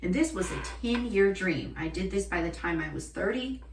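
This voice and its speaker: A woman's voice: on the low side, lively intonation, moderate pace, gravelly, distant mic. A woman in her thirties from Florida, a shaman, tells her own story candidly and emotionally, with frequent swearing. She sits back from the mic in a roomy space with a noticeable echo. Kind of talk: personal storytelling vlog.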